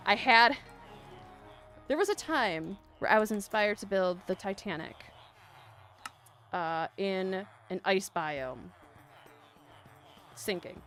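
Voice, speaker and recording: A woman's voice: medium pitch, lively intonation, slow pace, long pauses, fairly bright tone. A woman hosting a casual live stream, chatting and reading viewer messages aloud in a bubbly, rambling way, laughing often. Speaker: live-stream gaming host. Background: faint background music.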